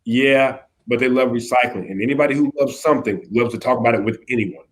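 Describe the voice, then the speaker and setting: A man speaking as a youth pastor guest in a casual conversation, animated, acting out little quotes and often checking in with "right?". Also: medium pitch, fast. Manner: animated, acts out quotes, keeps asking "right?".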